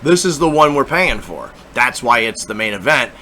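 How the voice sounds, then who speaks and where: Profane, excitable man breaking down fights. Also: mid-range voice, moderate pace, a little hiss or hum. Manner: profane, excitable, repetitive and rambling. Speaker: MMA fight predictions host. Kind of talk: casual fight-prediction monologue.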